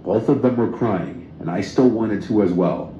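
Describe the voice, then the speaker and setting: A man narrating a true horror story in a steady, even reading voice. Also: on the low side, normal speed, slight background noise. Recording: roomy, slightly dull, faint music.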